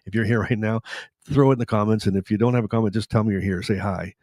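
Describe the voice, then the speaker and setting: Candid man telling his story, low voice. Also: fast, no room sound, studio quality. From Canada. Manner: candid, rambling, animated retelling with self-quotes. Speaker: host. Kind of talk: live-stream storytelling.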